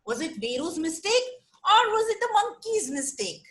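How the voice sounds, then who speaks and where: A woman with an Indian English accent telling a story to children on a video call, animated and asking them questions. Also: very high voice, moderate pace.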